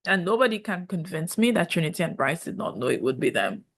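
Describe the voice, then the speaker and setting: A woman's voice: lowish voice, very animated, quick pace, slightly rough. A woman, reviewing a reality show in casual commentary, sassy and sarcastic, slipping into mocking quoted voices.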